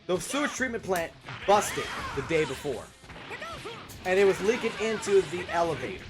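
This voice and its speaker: A high-pitched man from Louisiana hosts a casual stream and talks while he games. His speech is loose and profane, and he yells at the screen now and then. Music plays faintly behind him. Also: moderate pace. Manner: profane, animated, yelling at the game. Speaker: streamer and podcast host.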